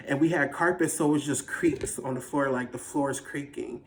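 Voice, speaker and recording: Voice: mid-range voice, normal speed. Dramatic, slangy storytime vlogger. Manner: dramatic, animated retelling; slangy, conversational. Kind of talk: casual storytelling.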